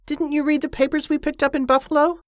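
A woman voicing a gruff, easygoing first mate on a ship, with a drawling folksy manner. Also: high-pitched, flat delivery, quick pace, no room sound, clean studio sound, voice pushed up, natural voice. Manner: drawling, folksy rough grammar.

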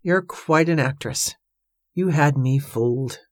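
A woman reading the part of a heartbroken man who speaks softly and bitterly. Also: on the low side, lively intonation, moderate pace, dry recording, clean studio sound. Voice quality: soft, sad and accusing.

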